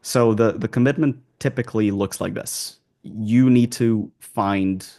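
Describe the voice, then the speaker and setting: A man speaks in a low, gravelly voice as an accent coach being interviewed. He rambles through his answers, restarting phrases and leaning on fillers. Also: steady tone, measured pace, mellow.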